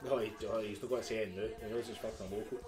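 A man's voice: lowish voice, fairly even intonation, racing. A young Scottish man bantering bluntly with friends as a podcast co-host, swearing freely. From Scotland. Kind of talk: casual banter over beers. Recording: echoey garage with music behind.

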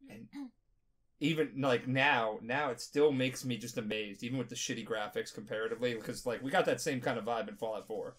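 A tipsy man talking casually on a podcast, rambling, profane and animated. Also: medium pitch, brisk. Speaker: podcast host.

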